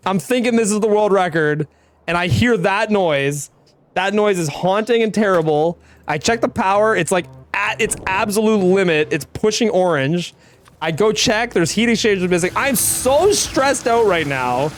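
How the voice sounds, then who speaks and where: High-voiced man streaming, casual. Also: normal speed, slight background noise. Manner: laid-back, swears and laughs often. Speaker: game streamer.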